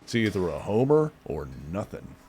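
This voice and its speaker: A calm, dry tough guy, as a man reads his lines aloud. The voice is low and matter-of-fact. Faint noise sits behind it. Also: moderate pace. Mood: coaxing. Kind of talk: reading game dialogue aloud.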